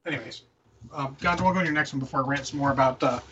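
A man's voice: mid-range voice, rapid-fire, a bit bright, recorded from a distance, lo-fi sound, a little hiss or hum. A man co-hosting a casual movie review podcast, opinionated and ranting, swearing freely. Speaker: podcast co-host.

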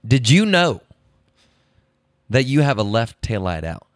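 A man's voice: mid-range voice, big pitch swings, a little slow, no echo, studio quality. A man putting on the voice of a traffic officer in a story, formal and matter-of-fact. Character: male traffic cop, calm and formal.

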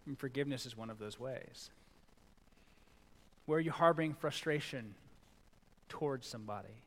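A middle-aged male pastor preaching a sermon in a conversational, animated way, acting out little quoted lines. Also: mid-range voice, moderate pace. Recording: long reverb in a large hall.

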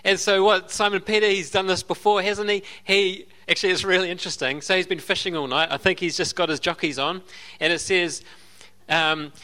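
A man's voice: high voice, steady tone, a little fast, sharp tone. A man with an Australian accent preaching a sermon as a pastor, telling the story conversationally with asides and laughs.

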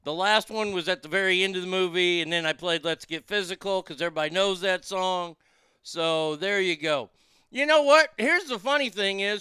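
A show host speaks into a studio mic through a mixing board, rambling through a casual solo monologue with irreverent, profane humor. His high-pitched voice is sharp yet clear and resonant, moving at normal speed without echo.

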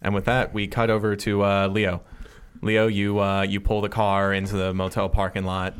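A man acting as game master, narrating a tabletop role-playing scene in a slow, immersive descriptive way. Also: fairly low pitch, monotone, clear, resonant tone.

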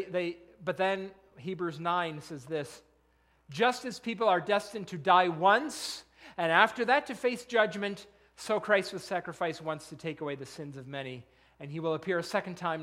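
A man's voice: high-pitched, a bit bright. A man pastor preaching a sermon in an earnest style, often repeating words and posing rhetorical questions.

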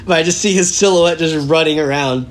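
A young man telling a story casually as a podcast guest, animated and laughing as he acts out what people said. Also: fairly high pitch, fairly quick, background noise.

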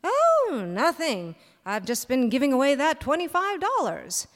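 A woman reading as a beaten-up young man who stays grandly polite, speaking solemnly and defiantly in a lively voice. His lines are slow and ring with the long reverb of a live hall. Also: sits high, voice pushed up, exaggerated voice. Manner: solemn, defiant, mock-formal.

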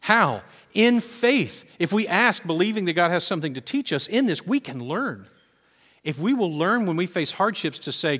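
Animated preacher in a reverberant hall. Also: male voice, high voice, normal speed. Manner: animated storytelling, acting out quotes. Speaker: pastor. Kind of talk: sermon.

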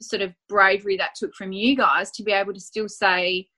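A woman's voice: medium pitch, flat delivery, normal speed, hardly any pauses, bright, forceful tone. An Australian woman, a guest on a podcast interview, talking effusively with many fillers and rambling sentences. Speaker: guest, award finalist. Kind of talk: casual conversational interview.

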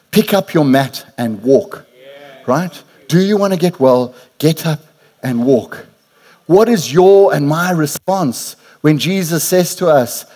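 Pastor guy, high voice, preaching hard, builds up loud and punchy. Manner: lively preacher, rising to emphatic call-and-response. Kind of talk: sermon. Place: church.

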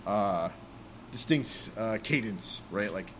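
A man's voice: fairly low pitch, expressive, takes it slowly, a bit bright, a little hiss or hum. A young man co-hosting a casual podcast about role-playing games, rambling with many fillers. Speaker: podcast co-host.

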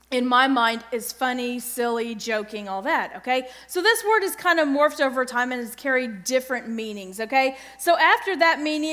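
A middle-aged woman giving an earnest devotional Bible teaching, often pausing to check in with her listeners. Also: sits high, fairly bright tone. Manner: earnest, keeps checking in with "okay?".

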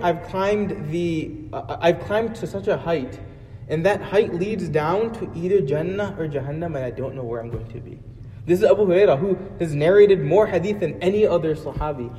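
A man delivers an Islamic sermon in a large prayer hall, his slightly raised voice carrying a long echo. His tone is mellow and dark, and he talks earnestly, repeating phrases and leaning on fillers as he works toward each point. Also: on the high side. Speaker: preacher.

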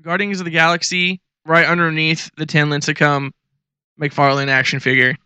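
A man co-hosts a radio show, his voice forceful and tense yet smooth. He talks in a laid-back, jokey way and trips over sponsor plugs. The studio sound is dry and close. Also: a little high, little pitch movement, moderate pace, dry recording. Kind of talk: casual radio banter and sponsor reads. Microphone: studio headphones and mic.

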